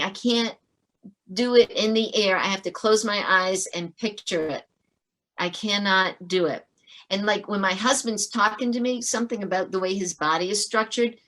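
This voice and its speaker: Earnest woman telling teaching stories. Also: medium pitch. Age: middle-aged. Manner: earnest, animated storyteller with many restarts. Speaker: podcast guest, author and former teacher. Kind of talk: storytelling in a podcast interview.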